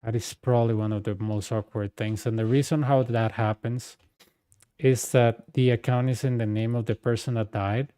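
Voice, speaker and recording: A man's voice: mid-range voice, fairly even intonation, moderate pace, mellow, clean tone, no room sound, studio quality. A young man streaming a game, chatting casually and telling stories in a loose, conversational way. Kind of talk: casual chat while playing a game.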